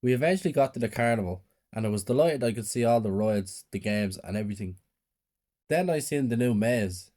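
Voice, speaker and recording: A man narrates a scripted horror story in a plain, low-key reading. His tone is mellow and dark, and his pitch sits in an ordinary middle range. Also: expressive, brisk.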